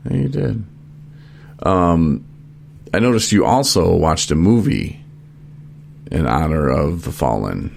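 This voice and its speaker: A man with a low, gravelly voice hosts a casual podcast from a studio. He rambles along with lots of fillers and restarts. A faint hiss of noise sits under the voice. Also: sing-song, takes it slowly, long pauses, a little mellow. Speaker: podcast host.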